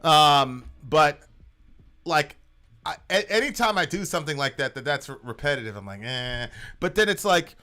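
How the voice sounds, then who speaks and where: A young man co-hosting a podcast, chatting casually and bursting into loud impressions. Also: on the high side, expressive, normal speed. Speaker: podcast co-host. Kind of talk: casual reaction chat.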